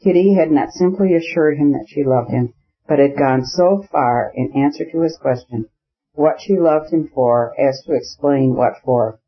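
A man's voice: fairly high pitch, moderate pace, husky. Man narrating a classic novel. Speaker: audiobook narrator. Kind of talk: scripted narration. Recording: slightly muffled audio.

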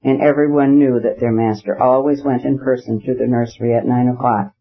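A man narrating a classic novel as an audiobook in an even, measured reading voice; the recording is slightly muffled. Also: mid-range voice.

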